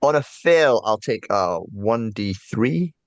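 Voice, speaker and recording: A man's voice: lowish voice, slow pace, dry recording. A man narrating as game master of a tabletop horror game, telling the scene with many fillers. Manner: lively storyteller, many fillers.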